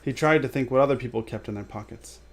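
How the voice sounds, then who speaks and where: A man reading a storybook aloud as a storyteller, steady and measured, with offhand asides. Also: medium pitch, a little hiss or hum.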